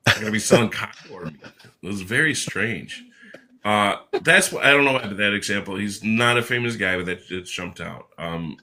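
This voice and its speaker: A man with a very low but sharp, bright voice, talking casually as a guest. He tells long stories that wander and restart, quoting himself and others, and swears now and then. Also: moderate pace. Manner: rambling, animated anecdotes with self-corrections and swearing. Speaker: author and musician guest. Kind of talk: casual storytelling in an interview.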